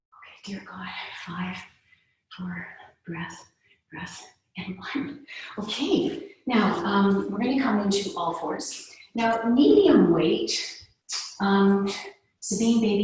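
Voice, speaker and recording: A woman with a lowish, darkish voice leads a live online yoga strength class, cueing each exercise with playful asides and laughs. The video-call audio is echoey and sounds far away.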